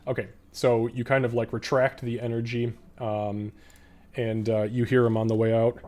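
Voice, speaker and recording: A man narrating a tabletop game as game master in a relaxed, filler-heavy way. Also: medium pitch, normal speed, faint music behind. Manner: relaxed, many fillers, laughs.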